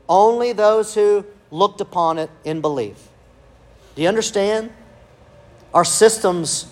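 A pastor delivers an emphatic sermon. His voice sits a bit high for a man, and he presses his points with rhetorical questions and calls of amen.

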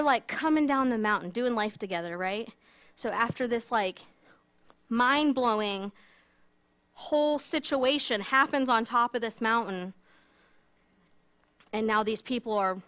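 A woman telling a Bible story in a casual, animated way, full of fillers and asides, as a teacher. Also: on the high side. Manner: chatty, animated, many fillers.

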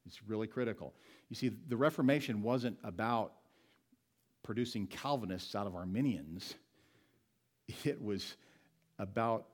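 A man's voice: lowish voice, darkish tone. Man preaching, asking questions and answering. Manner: asks the congregation questions and answers them; slows down and stresses single words. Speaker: pastor. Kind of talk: sermon.

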